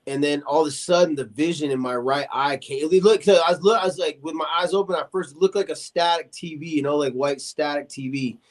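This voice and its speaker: Animated man in his forties telling a story. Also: fairly high pitch, a little fast, hardly any pauses. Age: 40s. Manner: animated, acts out quoted voices, many fillers. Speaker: guest. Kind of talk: casual storytelling.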